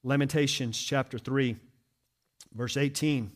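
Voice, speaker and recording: A man's voice: medium pitch, fairly even intonation, unhurried. A man preaching a sermon as a pastor, in an earnest, emphatic manner with repeated exhortations.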